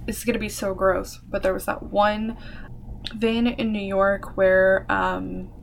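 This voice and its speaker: Young woman, co-host, loose casual storyteller with lots of fillers, mid-range pitch. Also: little pitch movement, unhurried, vocal fry, a little hiss or hum. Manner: chatty, full of fillers and swearing. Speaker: podcast co-host telling a history story. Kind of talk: casual chat.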